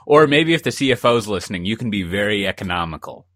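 A man's voice: on the low side, lively intonation, fast talker, fairly bright tone, no room sound, clean studio sound. A man co-hosting a podcast in casual chat, telling rambling, jokey stories full of asides. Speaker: podcast co-host. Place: lives in Texas.

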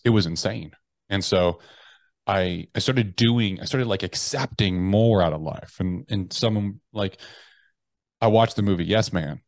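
Low-voiced, blunt American man. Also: dry recording. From United States. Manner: frank, profane, restarts sentences often; acts out his own inner voices. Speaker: podcast guest. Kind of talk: candid interview storytelling.

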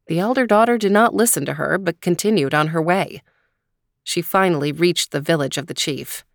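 A woman telling a folk tale in a calm, even storytelling manner. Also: on the low side, normal speed, no echo, clean studio sound.

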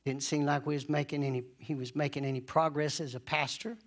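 A man preaching a sermon, leading call-and-response and drawing out key phrases slowly. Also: on the high side, flat delivery. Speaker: pastor.

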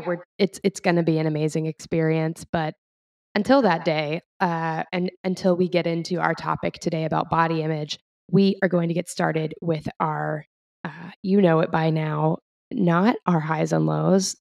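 A young woman co-hosts a podcast in a casual, upbeat chat that rambles and laughs along. Her voice sits slightly low with a gravelly fry. The recording is close and dry. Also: fairly even intonation, a little slow, a little mellow, no room sound. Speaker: podcast co-host.

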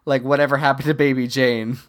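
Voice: mid-range voice, flat delivery, brisk. A podcast co-host casually retelling a movie's plot, acting out the characters' lines and laughing often. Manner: chatty storyteller, acts out quotes, laughs often.

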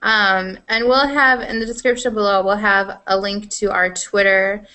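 A young woman co-hosting a casual gaming podcast, chatty and quick to laugh. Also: mid-range voice, steady tone, sharp tone. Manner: chatty, laughs often, lots of "like". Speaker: podcast co-host. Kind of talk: casual chat.

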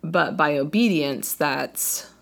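A woman's voice: sits low, slow pace, vocal fry. A woman hosting a faith podcast, affirming her guest and summing up what she says. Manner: affirming, sums up the guest's points. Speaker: podcast host. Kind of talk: conversational interview.

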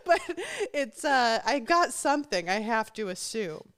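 A chatty woman hosting a relaxed podcast conversation, laughing often as she talks. She pokes fun at herself in an easy, casual way. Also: fairly high pitch, a little slow, clean tone. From Southern California. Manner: giggly, chatty, self-deprecating. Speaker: podcast host. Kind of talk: casual chat.

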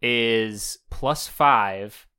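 A man's voice: medium pitch, very slow, pushed and bright, smooth. A man co-hosting a casual sports podcast, wry and joking as he talks. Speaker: podcast co-host.

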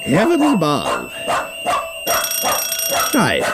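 A man's voice: fairly high pitch, wildly swooping pitch, drawn-out words, creaky, over loud music, full character voice. A man playing a pompous, impatient upper-class lord, in a comedy sketch.

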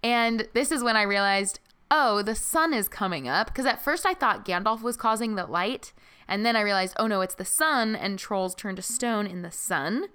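Bright, crisp young woman musing aloud. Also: mid-range voice, expressive, normal speed. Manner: chatty, musing aloud, laughs along. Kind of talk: casual book-club chat.

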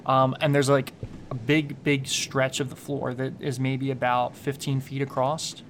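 A man runs a tabletop game, describing scenes at an easy, relaxed pace and dropping fillers as he goes. His voice sits at a middle pitch. Faint background noise stays behind him. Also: unhurried. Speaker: game master.

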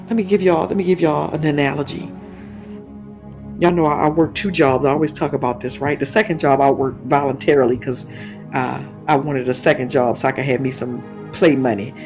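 A woman in her fifties preaching a conversational sermon, telling stories with laughs and asides and breaking into speaking in tongues. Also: low-pitched. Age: 50s. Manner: lively storytelling with laughs and asides.

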